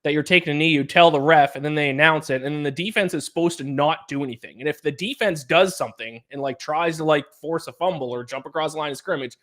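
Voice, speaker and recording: Man co-hosting a sports podcast, higher voice. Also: fast, hardly any pauses, a bit bright. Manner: analytical, talks in long explanations with fillers. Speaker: podcast co-host. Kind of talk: casual sports podcast chat.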